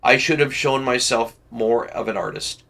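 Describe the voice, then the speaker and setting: A man reading the part of a heartbroken young actress, pleading in a soft, hushed voice. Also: medium pitch, moderate pace, creaky. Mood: desperate.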